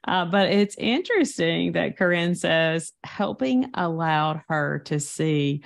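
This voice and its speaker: A woman co-hosting a casual podcast, her voice hoarse and croaky from a cold as she introduces a guest. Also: fairly low pitch, expressive, slow pace. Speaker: podcast co-host.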